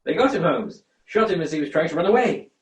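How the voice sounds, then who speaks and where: A man's voice: on the high side, expressive, fast, close to an everyday voice. An actor playing an earnest, loyal male doctor in a radio drama, eager and slightly flustered. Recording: roomy home recording.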